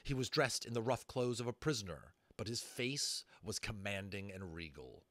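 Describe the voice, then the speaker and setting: A man narrating a fantasy novel aloud, expressive, adding brief asides to listeners. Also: lowish voice, normal speed, no echo. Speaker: audiobook narrator. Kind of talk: dramatic storybook reading.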